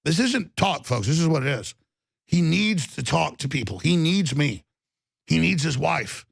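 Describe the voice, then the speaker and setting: A man's voice: a little high, animated, unhurried, vocal fry, slightly rough, no room sound. A male talk show host delivering an intense, emphatic, rambling monologue.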